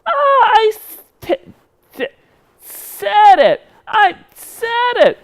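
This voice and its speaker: A high, bouncy little tank puppet, as a man puts him on, eager and easily excited, trips over every S and turns it into a T. His voice leaps around in a lively, sing-song way for a children's puppet show. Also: moderate pace, heavily acted. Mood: proud. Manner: eager, stumbles over S sounds and says T instead. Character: excitable young male toy-tank puppet with a lisp.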